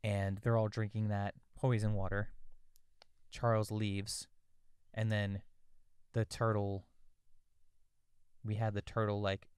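A young man co-hosting a podcast, with a smooth, clear voice at an ordinary middle pitch. He rambles and thinks aloud as he pitches ideas. The recording is dry and close to the mic. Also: flat delivery, takes it slowly, pauses often, darkish tone, dry recording. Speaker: podcast co-host. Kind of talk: casual brainstorming chat.

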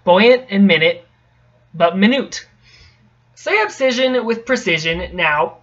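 High-voiced man muttering through a tongue-twister. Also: expressive, a bit bright. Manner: halting, self-correcting, muttering asides. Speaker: vlogger reading a poem aloud. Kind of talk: casual stumbling read-aloud. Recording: dull lo-fi home recording.

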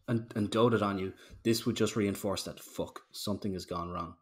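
A man's voice: fairly low pitch, steady tone, a little fast, few pauses. A man co-hosting a podcast, telling coaching stories in a casual, ranting way with frequent swearing. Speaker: podcast co-host, strength coach.

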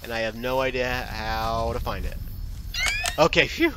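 A man commentating his own play of a scary game, talking to himself and yelping and shouting when startled. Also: mid-range voice, unhurried, background noise. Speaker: gaming video host. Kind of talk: live gameplay commentary.

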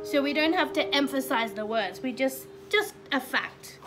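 A woman teaching a recorded class for young children, encouraging and asking them lots of questions, over background music. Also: sits high. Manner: slow, encouraging, asks children many questions. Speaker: kindergarten teacher.

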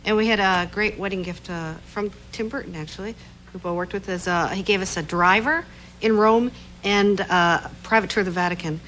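A woman from Toronto, a talk-show guest telling an anecdote in a lively way, laughing often. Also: medium pitch, a little fast. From Toronto, Canada. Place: TV studio with audience. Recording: old VHS tape with audience noise.

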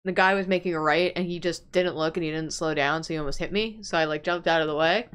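A woman on a livestream telling a commuting anecdote in a relaxed, halting way. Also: sits low, clear, resonant tone. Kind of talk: casual chat on a livestream.

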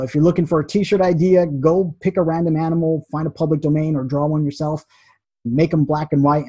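A man teaching a casual graphic design lesson, chatty and animated, acting out little quotes as he explains. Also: a little high, breathy edge, dry recording.

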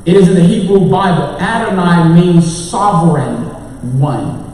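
A man's voice: high-pitched, lively intonation, a little slow, darkish tone. Texan pastor guy preaching, long church echo, kinda far from the mic. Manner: preaching, talks to the congregation and tech crew. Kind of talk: sermon. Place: church sanctuary.

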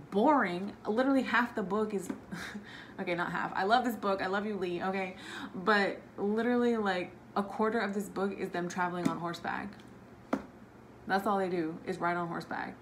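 Young woman, a bit drunk, casual book vlog, excitable and gushing, mid-pitched voice. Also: moderate pace, background noise. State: tipsy. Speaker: book vlogger. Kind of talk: casual tipsy book review.

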